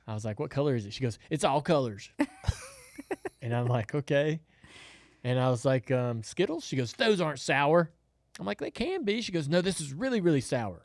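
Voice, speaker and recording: A man's voice: a little high, normal speed, no echo. Man telling a funny story. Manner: animated storyteller, laughs often. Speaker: podcast co-host. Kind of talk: casual storytelling chat.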